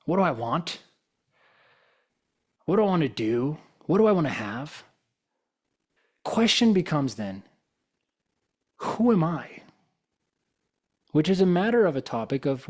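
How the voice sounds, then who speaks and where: Higher-voiced man giving a motivational talk. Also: darkish tone, husky. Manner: probing, full of rhetorical questions. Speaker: guest speaker.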